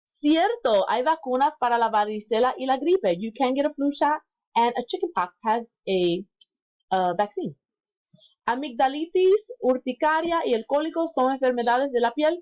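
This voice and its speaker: A woman as an instructor in a recorded lesson, patiently repeating words slowly for learners and correcting herself aloud. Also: high-pitched, expressive, darkish tone, low-quality recording. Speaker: Spanish instructor.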